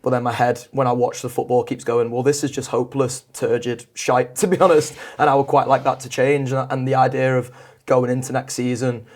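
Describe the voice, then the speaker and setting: A man on a football podcast panel, reasoning through his view earnestly in casual chat. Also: mid-range voice. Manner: fast, flat, earnest reasoning.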